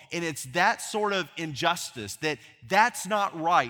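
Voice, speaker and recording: Male pastor, bright forceful delivery, sermon in a big echoing hall. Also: expressive, a little slow, hardly any pauses. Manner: impassioned preaching, swelling loud then dropping low. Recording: long hall reverb.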